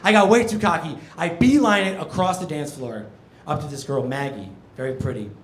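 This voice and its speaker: Stand-up comic, man, around 40, from New Jersey: high voice with big swings, animated storytelling, roomy club sound with some noise. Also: a little fast. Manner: animated storyteller who jumps to loud punchlines. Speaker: stand-up comedian. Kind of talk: stand-up comedy set. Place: comedy club stage.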